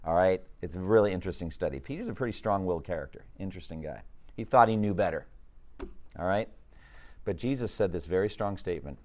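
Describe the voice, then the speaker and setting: A man's voice: low-pitched, lively intonation, quick pace, darkish tone. A man teaching a Bible class in a conversational, emphatic way, often asking the class questions.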